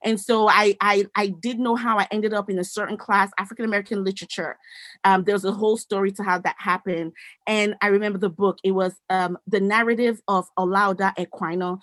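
A woman as an interview guest, telling her story in an animated way, often restarting phrases and acting out bits of dialogue. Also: mid-range voice, no echo. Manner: animated, acts out quoted dialogue, many restarts. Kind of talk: conversational storytelling.

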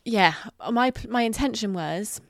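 A woman's voice: fairly high pitch, dry recording. Middle-aged woman chatting on her podcast, open and reflective, lots of ums, swears a bit, dry sound. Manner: candid and reflective, halting with fillers, some swearing. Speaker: podcast host. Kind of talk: casual solo podcast monologue.

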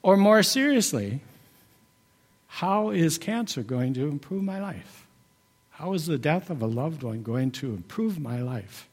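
A man's voice: on the high side, lively intonation, measured pace. Middle-aged guy preaching, chatty and folksy, lots of echo trailing off. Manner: folksy and conversational, with restarts. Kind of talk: sermon.

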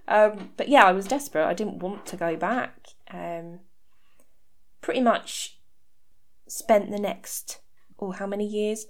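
This woman in her thirties hosts a podcast on a home mic, speaking slowly in a mid-range voice with long pauses. She's candid about her own life and slips in dry, sarcastic asides.

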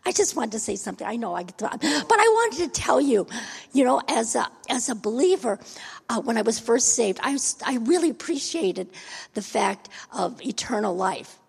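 A woman from the congregation reading scripture softly and slowly, then giving a quick, halting testimony. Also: fairly high pitch, lively intonation, vocal fry, breathy edge. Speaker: church member giving testimony. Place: church sanctuary. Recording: long church reverb.

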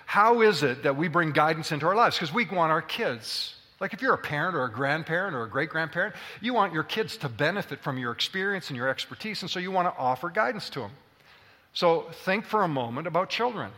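A man preaching a sermon to a congregation, lively and full of questions to the room. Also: on the high side, fairly quick. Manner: animated, addresses the congregation with questions. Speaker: pastor. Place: church hall. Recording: hall reverb.

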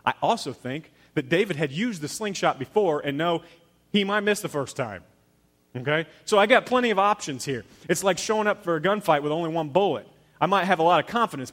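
Dramatic preacher, man. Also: high voice. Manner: dramatic storyteller, swings from loud to hushed, acts out quotes. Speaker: pastor. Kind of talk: sermon.

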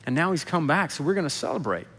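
A gentle, consoling father who speaks softly and steadily, as a preacher puts him on. His hushed words carry a long echo around a large hall. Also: on the high side, big pitch swings, fast talker, slightly rough, heavily acted. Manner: soft, hushed, reassuring. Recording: echoey hall.

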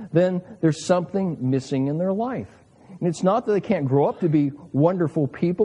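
Warm-voiced older man preaching in a hall. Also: on the high side. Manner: earnest, emphatic storytelling with rhetorical questions. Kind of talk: sermon. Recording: long hall reverb.

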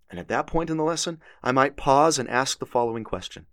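A man's voice: medium pitch, animated, fairly quick, few pauses, fairly bright tone, dry recording, studio quality. A man teaching a scripture lesson, reading verses aloud with earnest emphasis. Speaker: religious teacher.

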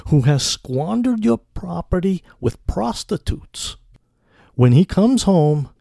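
A man's voice: high-pitched, sing-song, takes it slowly, vocal fry, dark tone, no echo, clean studio sound, pitched above the performer's own voice, heavily acted. A man reading the complaint of a resentful older brother from a parable, in a raised, aggrieved voice.

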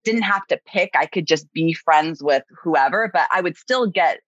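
A woman's voice: low-pitched, expressive, normal speed, no room sound. A woman guest on a podcast, speaking earnestly and reflectively in casual conversation, with many "you know"s. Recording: muffled, dry remote recording.

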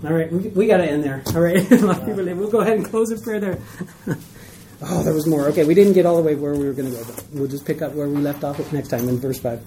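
A woman teaching a Bible study class to a group, animated and acting out skeptical listeners' reactions. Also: low voice, fairly quick, slight background noise. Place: room with a group.

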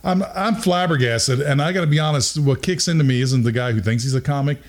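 A middle-aged man telling a story in casual conversation, lively and chuckling, often acting out what other people said. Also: medium pitch, fast talker. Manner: animated, acts out quoted voices, chuckles while telling.

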